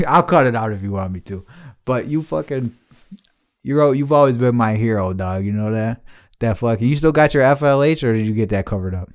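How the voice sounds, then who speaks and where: A man's voice: medium pitch, fairly quick. A man hosting a podcast, telling rambling, profanity-laced stories to an old friend in casual chat. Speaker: podcast host.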